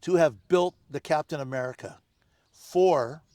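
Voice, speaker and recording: An older man, the guest, telling animated anecdotes in casual conversation, acting out other people's lines. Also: a little high, a little slow, no room sound. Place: home on Maui.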